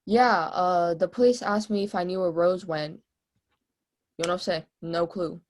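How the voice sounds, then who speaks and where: A woman's voice: on the low side, fairly even intonation, moderate pace, a little mellow, close to an everyday voice. A woman playing a brash young female bank robber, testifying in a casual, streetwise, offhand way over a video call in a mock trial.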